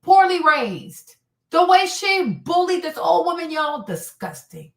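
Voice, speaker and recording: Fiery high-voiced woman host ranting profanely in an echoey room. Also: big pitch swings, measured pace, gravelly. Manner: heated, blunt and profane, repeating lines for emphasis. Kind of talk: casual commentary.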